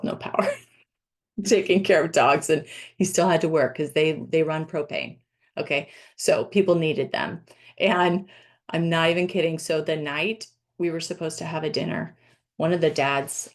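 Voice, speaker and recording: A woman from Florida, a life coach, telling a personal story in a casual, animated way and breaking into excited laughs. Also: sits low.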